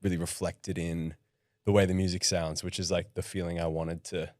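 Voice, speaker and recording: A young man with a fairly low voice talks through his story in a relaxed, halting way, circling back and restarting phrases. The sound is close and dry, with no room around it. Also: no echo. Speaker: guest musician. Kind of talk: casual podcast chat.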